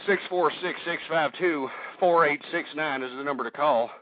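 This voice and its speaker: High-voiced man ranting on talk radio. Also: normal speed, no echo. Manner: hostile, ranting, swears often. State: out of breath. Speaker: radio talk show host. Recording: dull lo-fi radio broadcast.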